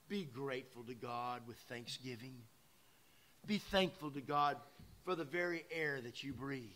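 Pastor, man, folksy sermon delivery, bright forceful tone, fairly high voice, loud emphatic lines traded with quiet asides. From Louisiana. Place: church sanctuary.

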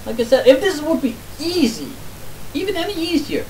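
A man's voice: extremely high pitch, animated, brisk, a little mellow, recorded from a distance, slight background noise, poor audio. A man playing a video game with a friend, teasing him, joking and swearing when he loses. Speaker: let's play commentator. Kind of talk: casual gaming banter.

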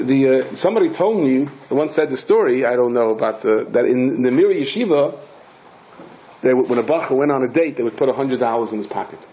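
An older man, a rabbi, delivers a storytelling Torah lecture in a medium-pitched voice, joking animatedly and restarting often. The recording is rough, with a little hiss or hum.

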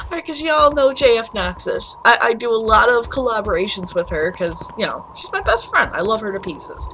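A woman's voice: a little high, lively intonation, normal speed, hardly any pauses, bright, forceful tone, slight background noise. A woman commentating a horror game, jumpy and swearing when startled, rambling in chatty asides to her viewers. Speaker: gameplay video host.

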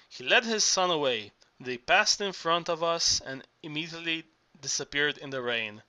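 A male audiobook reader with a bright, forceful voice that sits a bit high for a man. He narrates steadily but trips and restarts words often. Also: expressive, normal speed, lo-fi sound. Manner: frequent slips and restarts.

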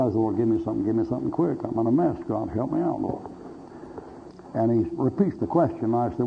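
A male pastor delivers a sermon packed with folksy anecdotes and blunt jokes, acting out the voices in his stories. His voice sits at a middle pitch. The recording is dull and lo-fi, with a faint hiss underneath. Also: fairly quick, gravelly.

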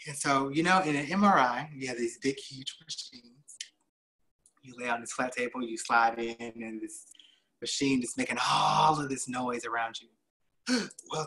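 A man hosting a motivational show, telling a personal story in a chatty, laughing, animated way. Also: medium pitch, low-quality recording. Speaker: host.

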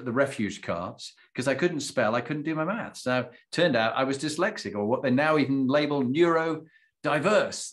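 A man hosting an interview, telling stories in an animated, self-deprecating way. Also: mid-range voice. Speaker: podcast host. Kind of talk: casual interview chat.

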